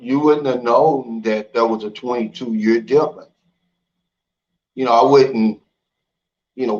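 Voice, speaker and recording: A man hosting a livestream, talking in a blunt, folksy, opinionated way in casual chat. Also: medium pitch. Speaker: livestream host. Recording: dull lo-fi stream audio.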